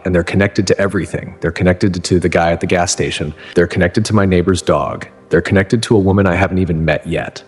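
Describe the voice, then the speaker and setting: Low-voiced man in his thirties, husky, earnest first-person storyteller who trails off and restarts, reverb-washed with music beneath. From Texas. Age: 30s. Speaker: narrator. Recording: long reverb with music underneath.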